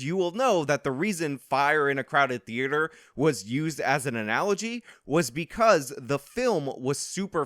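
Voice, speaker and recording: A man's voice: fairly high pitch, fairly bright tone, no room sound, clean studio sound. A man hosting reaction commentary, combative and sarcastic as he lectures. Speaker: political commentary host.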